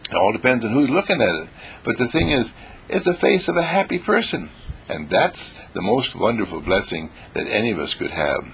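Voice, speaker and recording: A man with a husky, gravelly voice delivers an exuberant inspirational monologue, swooping from high exclamations to low murmurs and repeating his phrases. He's very animated and a little fast, with a fairly bright tone and a little hiss or hum in the background.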